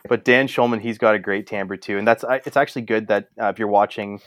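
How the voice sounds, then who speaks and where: A man's voice: lowish voice, steady tone, fast, fairly bright tone, no room sound, studio quality. A man co-hosting a casual sports podcast, rambling with lots of fillers and restarts. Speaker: podcast co-host.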